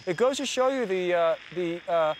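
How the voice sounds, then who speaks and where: Man with a slightly high voice, rambling radio hobbyist, outdoors, faint background hiss. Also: animated, moderate pace. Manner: rambling, chatty, many fillers and restarts. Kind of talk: casual explaining in the field. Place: outdoors in the desert.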